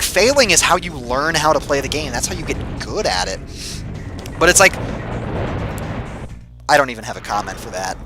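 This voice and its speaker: Casual gameplay commentary comes from a young man with a mid-range voice. He's excitable, and when things go wrong he's fast to yell and curse.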